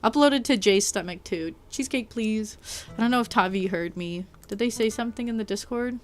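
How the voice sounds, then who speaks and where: A woman's voice: a little high, fairly quick. A woman streaming a video game, chatting casually and rambling to her chat, sometimes talking with her mouth full. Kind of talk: casual live-stream chat while gaming. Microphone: desk mic.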